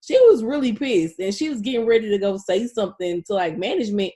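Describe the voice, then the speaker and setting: A young woman co-hosting a podcast in easy, casual chat. She tells stories with plenty of profanity and animated exclaiming. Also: medium pitch, fast talker. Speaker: podcast co-host.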